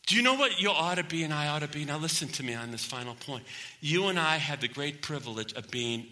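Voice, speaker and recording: A man's voice: on the high side, expressive, fast, bright, forceful tone. A man preaching a sermon as pastor, emphatic, repeating his key phrases for weight. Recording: long hall reverb.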